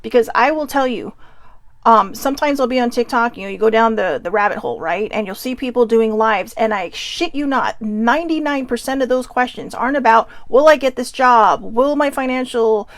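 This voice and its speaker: A woman's voice: fairly high pitch, brisk, dry recording. A woman hosting a live oracle card reading, chatting candidly and rambling, and swearing freely as she goes. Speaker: oracle card reader and host. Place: lives in Southern California.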